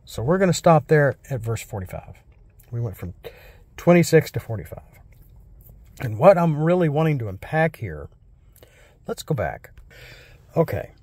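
Husky, dark-voiced American man teaching scripture. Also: on the high side, big pitch swings, dry recording. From United States. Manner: reads verses slowly and solemnly, then chats casually with fillers. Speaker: Bible teacher. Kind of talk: reading scripture and explaining it.

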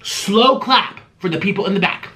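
A man's voice: sits high, normal speed, heavy background noise. A man hosting a casual cooking and eating vlog from his home kitchen, talking in a dramatic, sassy, rambling way. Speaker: vlogger host.

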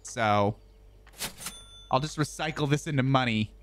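Slow-talking joking male game streamer. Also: medium pitch, a bit bright, a little hiss or hum. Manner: rambling, joking, swearing, frequent chuckles. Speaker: streamer playing a video game. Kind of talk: casual gameplay commentary.

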